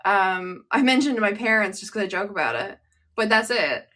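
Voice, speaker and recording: A woman with a Canadian accent co-hosting a podcast, chiming in with quick comments and laughs in casual chat. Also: mid-range voice, lively intonation, a bit bright. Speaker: podcast co-host.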